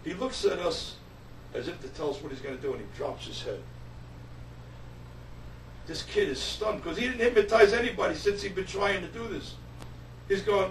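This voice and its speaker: A man, a musician, telling a casual anecdote in an animated way, stumbling and repeating himself. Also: sits high, moderate pace, long pauses. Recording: roomy, distant, faint hiss.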